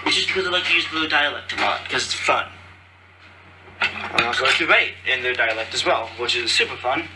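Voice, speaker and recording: Speaking fairly quickly in an animated, mid-range voice, a man hosts a podcast in a rambling, cheerful way, repeatedly losing his thread. He's recorded from a distance on a phone, and the very noisy audio is dominated by loud clattering of cutlery, dishes and pots.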